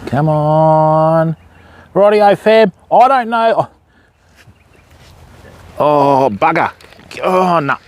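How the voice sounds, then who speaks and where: Aussie bloke fishing live, chatty, high pitched voice up and down a lot, outdoors at the water. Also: male voice, animated, drawn-out words, pauses often, clear, resonant tone. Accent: Australian. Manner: chatty, calls dogs in a high sing-song voice. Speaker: fishing streamer. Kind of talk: live-stream fishing chat.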